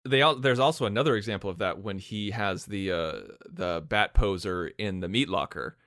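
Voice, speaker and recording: A man's voice: on the low side, normal speed, fairly bright tone, no room sound, clean studio sound. A man eagerly sharing his opinions in casual podcast conversation, leaning heavily on "like" and "you know.". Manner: enthusiastic, heavy on "like" and "you know". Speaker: podcast co-host.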